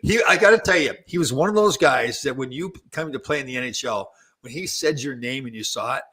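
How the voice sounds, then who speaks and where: Bright-voiced man hosting a rambling chat. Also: medium pitch, animated, brisk, husky. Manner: rambling, searches for names, self-correcting. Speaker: show host, former hockey player. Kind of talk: casual live show chat.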